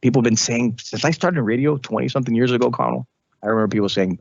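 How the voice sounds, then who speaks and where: A man, a radio host, talking as a guest in a casual interview, animated, with frequent restarts and repetitions. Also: mid-range voice, quick pace, creaky, dull audio.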